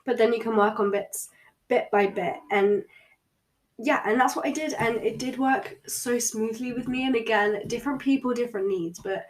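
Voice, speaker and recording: A woman's voice: fairly high pitch, normal speed, distant mic. Candid young woman podcasting from bed. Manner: candid, chatty, filler-heavy. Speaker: podcast host. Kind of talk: personal solo podcast chat. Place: in her bedroom.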